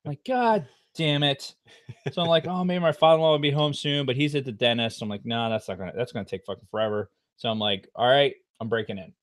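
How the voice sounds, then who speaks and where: A middle-aged man co-hosting a podcast, telling a long story in a casual, profane way with loud outbursts. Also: mid-range voice, fast, few pauses. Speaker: podcast co-host.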